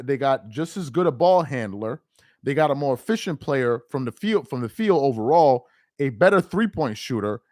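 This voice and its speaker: An excitable young man chats on his live stream, laughing and repeating himself as he talks. His voice sits a little high for a man. The sound is dry and close, with no room echo. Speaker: live-stream basketball commentator. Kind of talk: casual live-stream chat.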